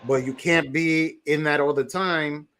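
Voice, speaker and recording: A relaxed man, co-hosting a casual podcast. He talks in an easygoing, joking way and drifts between topics at a loose, unhurried pace. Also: a little high. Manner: laid-back, joking, reads a closing quote. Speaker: podcast co-host. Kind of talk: casual chat.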